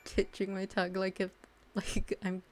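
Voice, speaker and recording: Slow-talking giggly young woman. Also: mid-range voice, monotone. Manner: giggly, self-mocking, trails off often. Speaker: group art stream participant. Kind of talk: casual chat.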